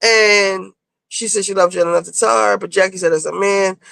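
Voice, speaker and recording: A woman's voice: mid-range voice, steady tone, moderate pace, vocal fry, fairly bright tone, no echo, rough recording. A woman giving a chatty, off-the-cuff recap of a reality TV episode, casual and loose with swearing. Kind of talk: casual, profane recap commentary.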